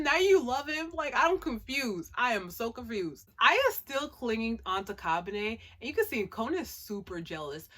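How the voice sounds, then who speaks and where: A woman casually recapping an anime episode, chatty and animated, with lots of "like" and laughing asides. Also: a little high. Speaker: anime reviewer.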